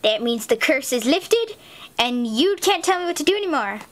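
A woman voicing a blunt, skeptical woman sheriff in a homemade parody sketch, flat and dismissive. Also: sits high, moderate pace, a little hiss or hum. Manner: flat, dismissive, calls the boy kid.

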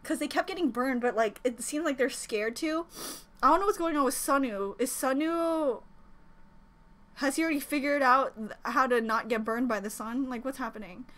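A young woman reacting to a music video as an excited fan, gushing and exclaiming, thinking out loud with lots of "like"s. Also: high-pitched, normal speed. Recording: faint music behind the voice.

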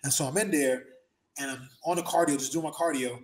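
A man in his thirties, a former pro wrestler, telling profane, lively stories as an interview guest. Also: a little high, brisk. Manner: animated storyteller, profane, acts out quotes. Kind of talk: casual storytelling interview.

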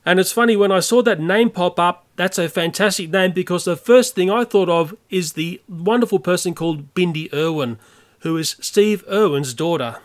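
An older Australian YouTuber delivering an earnest, opinionated rant to camera. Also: male voice, high voice, moderate pace. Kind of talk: ranting monologue to camera.

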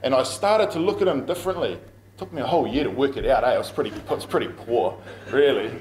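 A man's voice: mid-range voice, lively intonation, fast talker, darkish tone, a little hiss or hum. A middle-aged man with a New Zealand accent preaching a sermon as pastor, telling stories in a conversational way and laughing at himself. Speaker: pastor and school principal. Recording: echoey room.

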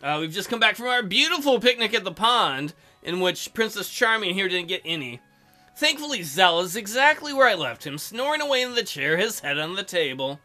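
A man's voice: high voice, sing-song, fairly quick, pushed and bright, soft background music. A man hosting a let's play, making joking, crude asides while reading through a visual novel game. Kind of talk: game commentary.

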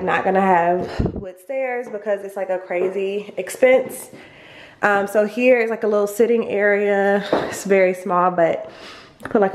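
A young woman filming her own home tour on a phone, unhurried and chatty, gushing over each room with plenty of ums and likes. She sounds a little out of breath as she walks through the bare house. A faint hiss sits under her voice. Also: mid-range voice, a little mellow. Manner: chatty, gushing, full of fillers. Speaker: vlogger giving a house tour. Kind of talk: casual home tour vlog. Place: empty house, indoors.

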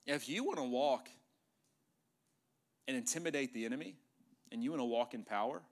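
A middle-aged pastor preaches forcefully in a church sanctuary, occasionally lowering to a hush for effect. His pitch is medium and his speed normal.

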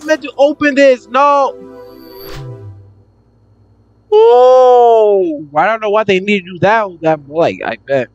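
A man's voice: sits high, takes it slowly, pauses often, lo-fi sound, soft background music. A young man commentating a horror game playthrough, chatting in slang and yelping when startled. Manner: excitable slangy chatter, jumpy yelps. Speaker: gaming YouTuber.

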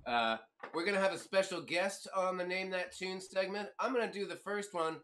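A man's voice: high-pitched, moderate pace, bright, forceful tone. A man co-hosting a music trivia show, introducing the segment in a jokey, laid-back way. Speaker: co-host.

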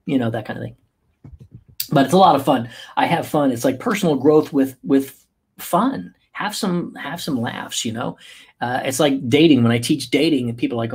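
A husky-voiced man chatting casually on a livestream. He is a podcast host and coach with an upbeat, playful manner, rambling along with plenty of fillers. His pitch sits in an ordinary middle range. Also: normal speed, darkish tone.

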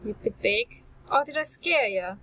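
A kindly old dwarf craftsman with a homely, folksy way of talking, pitched a little high, as a woman puts him on while reading a game's lines. He is gruff at heart but welcoming. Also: expressive, measured pace, pushed and bright, a little hiss or hum, poor audio. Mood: hospitable. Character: gruff friendly old male dwarf smith.

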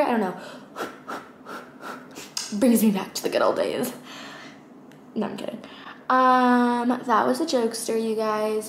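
Young woman vlogger rambling thru her makeup, lots of likes and ums, echoey room. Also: medium pitch. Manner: chatty, rambling, lots of fillers. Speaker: beauty vlogger. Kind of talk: casual get-ready-with-me chat. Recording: echoey room with faint ambient noise.

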